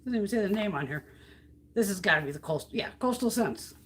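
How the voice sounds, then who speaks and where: Talking fast and with lots of animation, this American woman in middle age chats her way through depotting makeup on her beauty livestream, ranting bluntly and swearing freely. Her pitch is medium, and there's slight background noise.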